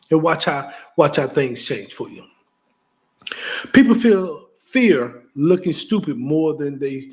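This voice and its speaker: A man delivers a motivational talk as host, addressing the listener directly in a casual, plain-spoken way. His voice sits a little high, and he stumbles and repeats words as his excitement builds. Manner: energetic, repeats himself and stammers when excited.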